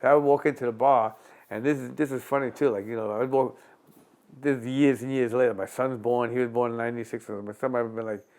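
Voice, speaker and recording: A former boxer in his 60s from Long Island, New York, tells stories animatedly in an interview, his mid-range voice moving at a quick pace. In this conversational storytelling he acts out quotes in a raised voice and often repeats and restarts phrases.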